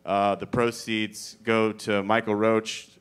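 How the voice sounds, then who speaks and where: A man's voice: on the low side, little pitch movement, slow pace, clear, resonant tone. A man doing a stand-up comedy set, talking in a rambling, conversational way that is wry and profane. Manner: rambling, conversational, filler-heavy.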